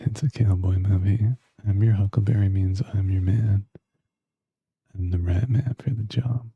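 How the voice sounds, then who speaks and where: A man's voice: on the low side, steady tone, normal speed, slightly rough, dry recording. A man streaming a game and chatting with viewers, crude and teasing. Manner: crude, teasing banter with chat. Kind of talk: casual gaming stream chat. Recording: dull lo-fi stream audio.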